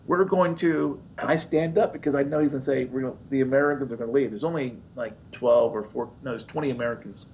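Man preaching, lively storyteller, jumps up into squeaky voices, dull lo-fi sound, faint rumble behind. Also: fast talker, creaky, few pauses. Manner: animated storyteller acting out his own voice and others, high squeaky jumps. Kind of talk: sermon storytelling.

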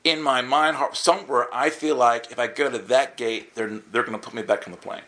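A man preaching in a casual storytelling way, acting out the dialogue with sudden jumps in his voice. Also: fairly quick. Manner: animated storytelling, acts out dialogue with jumps in pitch. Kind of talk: storytelling sermon.

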